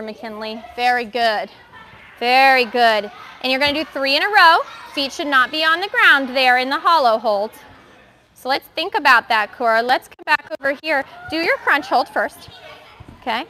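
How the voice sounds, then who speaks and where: Bright, high-voiced woman coaching gymnasts. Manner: encouraging, brisk instructions to young gymnasts. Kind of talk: live coaching in a gym. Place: gymnastics gym.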